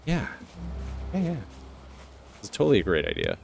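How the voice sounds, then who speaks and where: Casting: male game streamer, lowish pitch, rambling casual chat, faint music underneath. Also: huge pitch swings, normal speed, vocal fry. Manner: rambling storyteller, laughs often.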